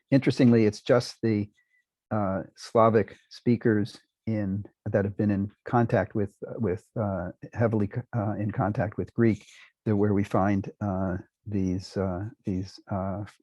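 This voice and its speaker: An older male professor lecturing in a low, gravelly, mellow voice. He hesitates constantly, filling gaps with fillers and restarting phrases, and clears his throat from time to time. The sound is close and dry. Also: dry recording, rough recording. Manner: clears throat now and then. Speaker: linguistics professor. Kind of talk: university lecture.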